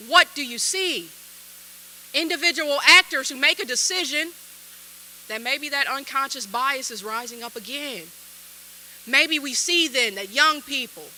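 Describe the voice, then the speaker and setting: A woman's voice: sits high, sharp tone, slight background noise, low-quality recording. A woman from Minnesota, giving an emphatic lecture full of rhetorical questions and acted-out quotes. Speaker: presenter on implicit bias. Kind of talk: lecture to a group.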